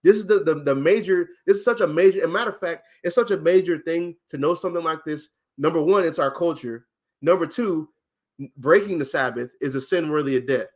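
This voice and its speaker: A man with a somewhat high voice teaches on a casual livestream. He speaks with emphasis, stops to put questions to his listener, and counts days out loud on his fingers. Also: fairly quick.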